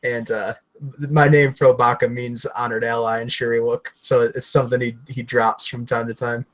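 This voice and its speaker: A man playing in a tabletop game, calmly describing his character's actions. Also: mid-range voice, normal speed. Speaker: player.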